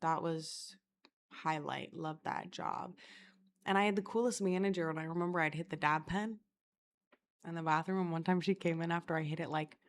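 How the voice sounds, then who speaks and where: A woman's voice: lowish voice, fairly even intonation, moderate pace. A young woman from Florida rambling through a casual storytime vlog, chatty and self-mocking, swearing constantly. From Florida, USA. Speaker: vlogger.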